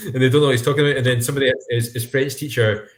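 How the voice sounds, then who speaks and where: A man's voice: medium pitch, steady tone, very fast, a little hiss or hum. Rambling young man in an echoey room. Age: young adult. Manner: rambling, restarting sentences as he recalls. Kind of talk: casual podcast chat. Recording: roomy, echoey sound.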